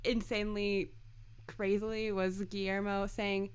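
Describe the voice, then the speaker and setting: Bright-voiced giggly woman podcaster. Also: mid-range voice, moderate pace, clean tone. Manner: giggly, quotes lines in character voices. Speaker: podcast co-host. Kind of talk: casual fan chat.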